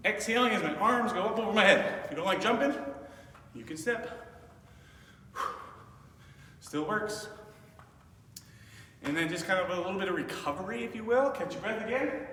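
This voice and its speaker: A man's voice: high voice, expressive, normal speed, long pauses, sharp tone, recorded from a distance, slight background noise. A male fitness instructor leading a workout class, upbeat and encouraging, slightly out of breath as he moves and cues breathing. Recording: echoey hall, voice from afar.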